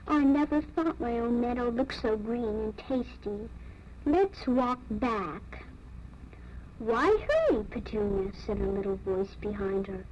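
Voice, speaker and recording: A woman reading a children's picture book aloud, gently, giving the animals their own voices. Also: fairly high pitch, measured pace. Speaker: storyteller. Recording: dull lo-fi recording with faint noise.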